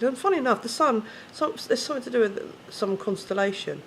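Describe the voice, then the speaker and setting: A man's voice: very high voice, animated, fairly quick, creaky, a bit bright. English guy ranting on his vlog, swears a lot, loses his words, bit of noise behind. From England. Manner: swearing, rambling, self-correcting. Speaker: vlogger. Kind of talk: casual rant to camera.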